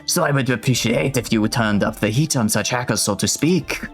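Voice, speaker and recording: A man voicing a poised, earnest female game character in a put-on French accent, reading the dialogue aloud in a formal, measured way. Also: medium pitch, faint music behind, natural voice.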